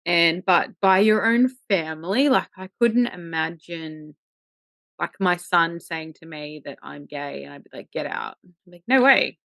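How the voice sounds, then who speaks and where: A woman's voice: lowish voice, a little slow, fairly bright tone, dry recording. A woman co-hosting a podcast, bantering and teasing in a casual chat. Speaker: podcast co-host.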